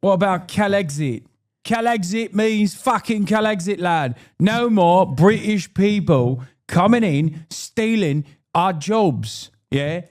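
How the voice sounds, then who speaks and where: A man's voice: a little high, expressive, normal speed, hardly any pauses, mellow, close to an everyday voice. A man putting on a mock-angry British bloke who swears and ends his lines with "lad" and "yeah?". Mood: mock outrage.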